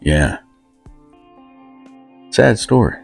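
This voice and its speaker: Low-voiced man in his fifties. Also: sing-song, extremely slow, gravelly, faint music behind. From West Virginia, USA. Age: 50s. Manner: rambling, self-deprecating, drawling country talk. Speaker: comedic storyteller. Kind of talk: rambling comic storytelling.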